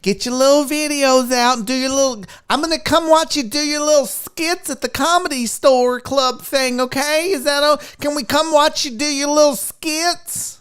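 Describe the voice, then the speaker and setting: A man's voice: very high-pitched, moderate pace, hardly any pauses, a bit bright, pitched above the performer's own voice. A man putting on a voice of his mother, a middle-aged woman who talks down and keeps calling things little. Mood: patronizing. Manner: condescending, patronizing repetition of little. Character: fussy mom talking down, woman, middle-aged.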